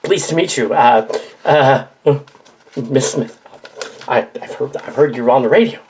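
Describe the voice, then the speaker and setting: A man's voice: mid-range voice, a little slow, a little mellow, a little hiss or hum, lightly acted. Man doing a stammering starstruck young woman. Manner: hesitant, stammering.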